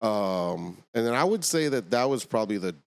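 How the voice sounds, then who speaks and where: A man, a podcast guest, talking in relaxed slang in a casual chat. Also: lowish voice, moderate pace, gravelly, smooth. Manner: laid-back slang, calls people dog and bro.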